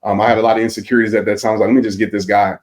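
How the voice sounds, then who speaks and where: A man's voice: on the low side, flat delivery, very fast. A man who works as a motivational speaker, a podcast guest telling a personal story in an earnest, reflective way. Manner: earnest and reflective, with vivid retelling.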